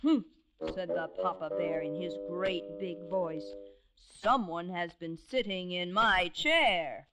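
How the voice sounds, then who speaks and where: Gruff papa bear, as a woman narrator puts him on. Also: takes it slowly. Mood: grumbling. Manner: grumbling, booming. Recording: dull old vinyl record. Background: orchestra music.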